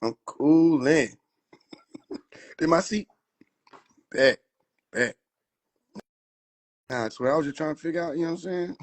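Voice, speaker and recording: A man's voice: fairly high pitch, unhurried, long pauses. A man riffing in a casual livestream, profane, slangy and laughing often. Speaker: livestream host.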